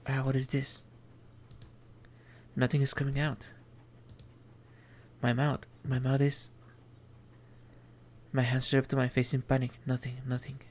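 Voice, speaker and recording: A man streaming an indie game, reading its text aloud in a measured, reflective way with small asides. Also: mid-range voice, monotone, darkish tone.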